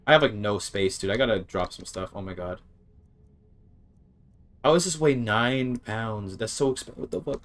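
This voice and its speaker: A man streaming gameplay in casual chatter, thinking aloud, sounding out words haltingly and swearing now and then. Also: fairly low pitch, a bit bright.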